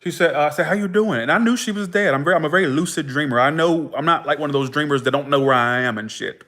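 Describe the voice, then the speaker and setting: A man's voice: on the high side, quick pace, pushed and bright. A young man with a slightly raised voice tells his stories loosely and animatedly. He swears freely and acts out everyone who talks in his tales as he goes. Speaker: tarot livestream host. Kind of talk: casual livestream storytelling.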